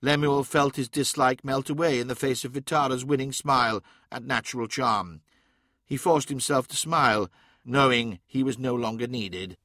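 A man reading an audiobook in a measured scripted narration, shifting his voice for characters. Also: medium pitch, sharp tone, dry recording, studio quality.

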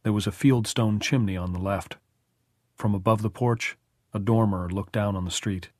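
A man narrating an audiobook in measured, even storytelling. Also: on the low side, dry recording, studio quality. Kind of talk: scripted narration.

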